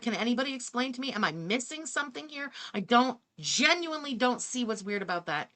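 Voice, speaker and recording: A reaction commentary host whose voice is a little high, sing-song and brisk, with a fairly bright tone. She sounds incredulous and sarcastic, and she swears freely.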